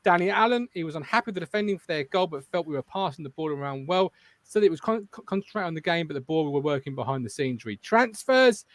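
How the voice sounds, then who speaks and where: A man's voice: on the high side, lively intonation, fast talker, dry recording. A man with an English accent hosting a football fan show, chatting casually and reading out viewer comments. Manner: banter, reads viewer comments aloud.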